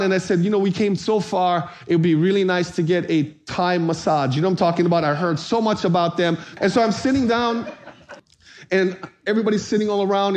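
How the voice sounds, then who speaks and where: A high-pitched man preaches with lively, playful energy. He calls out to the congregation for responses and jokes his way through the sermon. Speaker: pastor.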